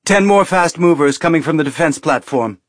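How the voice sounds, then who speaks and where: A man voicing a male crewman who calls out rapid, urgent sensor reports. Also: fairly high pitch, expressive, no echo, clean studio sound, voice pushed up.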